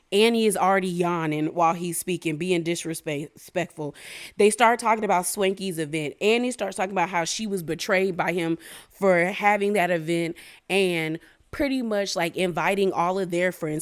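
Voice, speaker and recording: A woman recapping a reality show in a casual, opinionated, slangy way, talking straight to her viewers. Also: fairly low pitch. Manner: gossipy, opinionated, slangy, addresses viewers directly.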